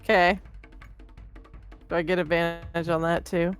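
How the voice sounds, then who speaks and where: A woman's voice: fairly low pitch, level tone, measured pace, soft background music. Playful woman playing a tabletop game. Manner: playful, eager. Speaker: player. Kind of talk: casual tabletop play.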